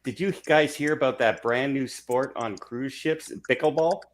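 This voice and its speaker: A man's voice: mid-range voice, unhurried. A man joining a live stream as a guest over a video call, easygoing, laughing and stumbling over words. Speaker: cruise YouTuber guest. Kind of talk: casual live stream chat.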